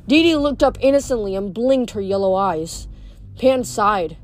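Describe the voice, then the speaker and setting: A woman reading a novel aloud in a steady, plain narrating voice. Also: medium pitch, moderate pace, soft background music. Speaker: reader.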